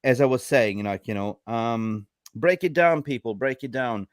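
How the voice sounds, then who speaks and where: A man hosting a casual football reaction show, excitable and full of "like, you know" fillers. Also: mid-range voice, moderate pace, dry recording, studio quality. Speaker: host.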